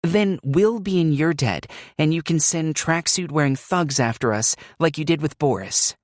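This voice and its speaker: A man's voice: on the high side, moderate pace, no echo, clean studio sound, pitched above the performer's own voice, natural voice. A man voicing a determined young woman who presses her case with tense urgency. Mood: urgent.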